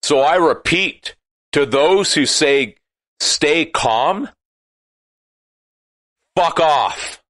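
Slow, ranting man in a dry room. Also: on the high side, no echo. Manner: ranting, sarcastic, rises to shouting. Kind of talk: impassioned monologue.

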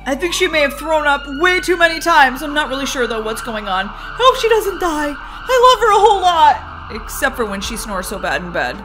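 A woman's voice: big pitch swings, moderate pace, few pauses, music in the background. A woman voicing a nervous young husband in a Roblox roleplay story, talking in a rambling, worried way. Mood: anxious. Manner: anxious, rambling, high-strung.

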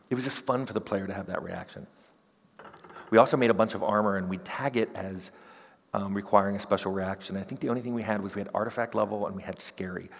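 A middle-aged man giving a conference talk on game design, animated and acting out quoted characters. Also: fairly low pitch, slightly rough. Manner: animated, acts out quoted characters in quick voices. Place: conference hall. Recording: reverberant hall sound.

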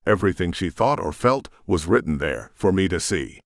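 Deep voiced guy reading a dramatic story, lots of swing in his voice, dry studio. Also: lively intonation, moderate pace, gravelly, dry recording. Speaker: audiobook narrator. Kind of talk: scripted first-person narration.

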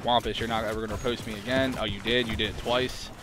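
A man giving casual, excitable commentary while playing an online combat game, swearing and calling out targets to teammates. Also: on the low side, fast, noisy background. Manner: excitable, swears a lot, laughs often. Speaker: gamer streaming his point of view in a clan war. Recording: music playing behind.

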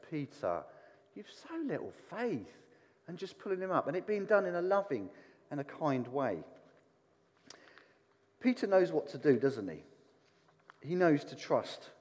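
A man preaching a sermon, animated and putting questions to the congregation. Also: a little high, long reverb tail. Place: church hall.

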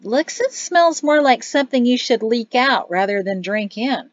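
A woman's voice: a little high, animated, normal speed, no echo, muffled recording, pitched above the performer's own voice, lightly acted. A woman voicing a wry, skeptical young man in an audiobook.

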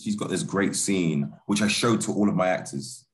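Man, low voice, relaxed interview chat, loose and laughing, many fillers. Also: moderate pace. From Britain. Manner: laid-back, laughs easily, many restarts and fillers. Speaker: film director and actor, interview guest.

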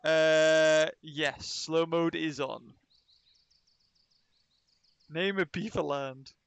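High-voiced man streaming a zoo game. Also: extremely slow, gravelly, fairly bright tone, smooth, no echo. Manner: chatty, reads and answers live chat while playing. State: recovering from illness. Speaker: let's play streamer. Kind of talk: casual livestream commentary.

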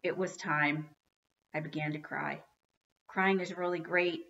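A woman reading a children's book aloud with expressive storytelling. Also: deep voice, unhurried, gravelly, muffled recording. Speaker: reader.

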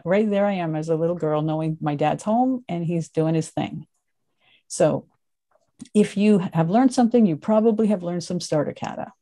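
Low-voiced Canadian woman presenting. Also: warm tone. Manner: explanatory, conversational with fillers. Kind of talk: webinar presentation.

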